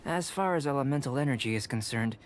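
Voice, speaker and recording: A man voicing a calm young male alchemist in a game, measured and lecturing. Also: medium pitch, a little hiss or hum, natural voice. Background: faint game music.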